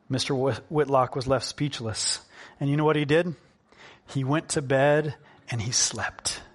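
A man preaching a sermon in an earnest, conversational way, slowing down to stress key points. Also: medium pitch. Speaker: pastor.

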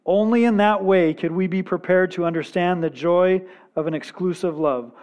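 A man preaching a sermon in an earnest, measured way, with dramatic pauses and quiet emphasis. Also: high-pitched, clear, resonant tone. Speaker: pastor.

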